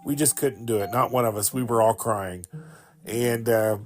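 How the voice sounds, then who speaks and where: A man's voice: on the low side, normal speed, soft background music. A man in his fifties hosting a podcast, telling a personal story in a rambling, fond way, with many fillers and laughs. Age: 50s. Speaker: podcast host.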